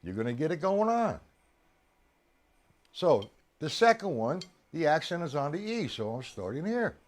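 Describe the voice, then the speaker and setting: Lively, chatty male drum teacher. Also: a little high, moderate pace. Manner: counts beats aloud with loud accented downbeats; chatty, coaxing, addresses viewers directly. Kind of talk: live-streamed drum lesson. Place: at a computer on a live stream.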